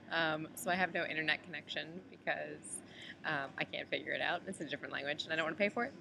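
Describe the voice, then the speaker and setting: Low bright-voiced chatty American-born woman. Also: fairly quick, gravelly, a little hiss or hum. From United States. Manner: chatty, heavy use of "like" and "um". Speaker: traveler on a layover. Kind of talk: casual video message to a friend. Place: airport during a layover.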